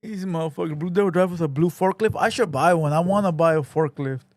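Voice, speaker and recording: A man's voice: a little high, fast talker, a little mellow, no room sound, clean studio sound. A male podcast host, chatting casually to a livestream audience in blunt, profane, laid-back street slang. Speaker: podcast host reading viewer comments.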